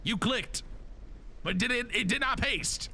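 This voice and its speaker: A man's voice: very high-pitched, measured pace, gravelly, a little hiss or hum. A man streaming a game live, chatting casually and jokingly straight to his viewers. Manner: animated, joking, talks straight to chat.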